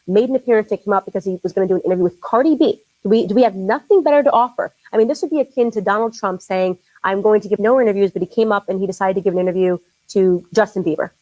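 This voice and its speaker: A woman's voice: mid-range voice, a little mellow, rough recording. A woman giving political commentary in a played clip, arguing and mocking. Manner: argumentative, mocking.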